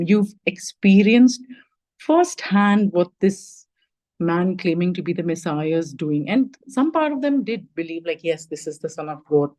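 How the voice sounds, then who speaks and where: A woman with a warm, medium-pitched voice gives a conversational sermon over a video call as the lay preacher delivering the message. She thinks aloud, often says "like" and "you know," and asks her listeners reflective questions. The recording is low quality.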